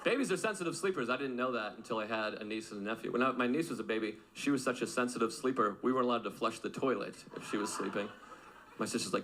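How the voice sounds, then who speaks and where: A man's voice: medium pitch, fast talker. A man doing a stand-up set on a comedy club stage, telling stories in a dry, sardonic way. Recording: noisy live club recording.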